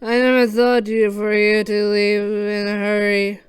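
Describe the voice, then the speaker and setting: A reader voicing a sly, smiling male leprechaun with a mellow Scottish accent in a fan audio story. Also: medium pitch, completely flat delivery, clear, resonant tone, no room sound, faint music behind, lightly acted. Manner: slow, mumbling.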